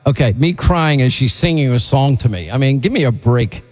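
A man's voice: mid-range voice, a little fast, big-room sound. A man hosting a talk show, telling stories and delivering indignant commentary. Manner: animated, indignant storytelling. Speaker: TV host.

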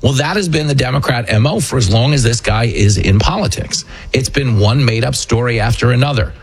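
Husky New York man hosting. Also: fairly quick. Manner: mocking, acts out quotes in a shrill high voice. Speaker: show host. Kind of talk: political commentary monologue.

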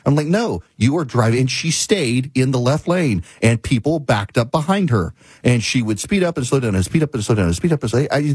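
Casting: male host, husky dry voice, ranting storyteller. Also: mid-range voice, a little mellow, no echo. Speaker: talk show host. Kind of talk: casual monologue.

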